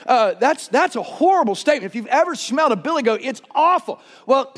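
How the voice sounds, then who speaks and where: A middle-aged man preaching a sermon, telling stories with lively energy and bursts of shouting. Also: very high voice, fairly quick. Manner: animated storytelling, shouts during anecdotes. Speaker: pastor.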